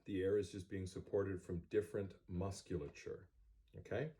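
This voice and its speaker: Recorded on a cell phone, this middle-aged man teaches students in a music class as their band teacher. He has a low-pitched, mellow voice with a flat delivery at a moderate pace. His manner is plain-spoken, direct and instructive.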